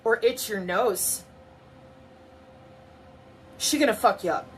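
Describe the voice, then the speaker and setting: A woman delivers a mocking, profane, sarcastic rant straight to camera. Her medium-pitched voice is slow, with a little hiss or hum in the recording.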